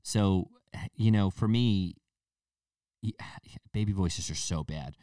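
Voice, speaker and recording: Low-voiced man rambling on a podcast. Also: slow, warm tone, clear, resonant tone, no echo, studio quality, far from the mic. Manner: rambling, many restarts and fillers; mocks people with put-on baby voices. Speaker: podcast host. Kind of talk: casual solo podcast chat.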